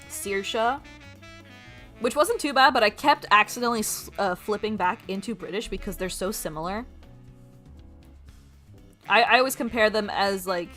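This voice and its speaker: A woman's voice: medium pitch, a bit bright. A woman who grew up speaking Spanish, chatting casually and laughing easily while drawing on a stream. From Hispanic family, grew up speaking Spanish.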